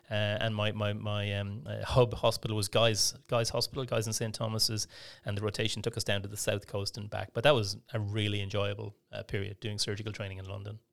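An Irish man in middle age talks quickly through his memories, with a low voice and a gravelly edge. He often breaks off and restarts, filling gaps with little sounds as he goes. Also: a bit bright. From Ireland. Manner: fast, rambling with many restarts and fillers. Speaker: surgeon. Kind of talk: interview storytelling.

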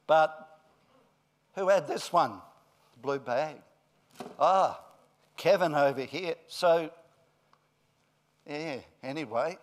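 A middle-aged male pastor giving a friendly children's talk, then a deliberate sermon. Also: on the high side.

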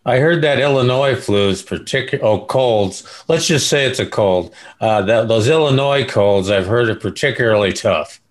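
An older man co-hosting a casual podcast, halting and searching for words as he talks. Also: mid-range voice, expressive. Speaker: broadcast engineer, co-host.

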